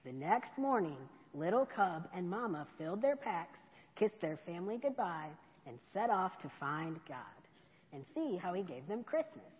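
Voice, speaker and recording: A woman with a lilting, expressive storybook reading voice. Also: lowish voice, normal speed. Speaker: storyteller dressed as an elf. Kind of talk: reading a children's picture book aloud. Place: church hall. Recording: dull echoey church hall.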